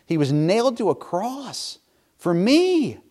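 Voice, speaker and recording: A man in his thirties preaching a sermon, swinging from loud, emphatic passages to soft, hushed confession. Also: sits high, sing-song, slow. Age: 30s. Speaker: pastor.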